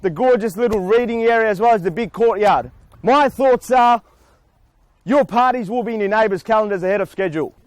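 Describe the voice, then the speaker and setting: A man, an auctioneer, speaking outdoors in front of a house with booming salesman patter and long theatrical pauses. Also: dry recording. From Australia. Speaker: real estate auctioneer.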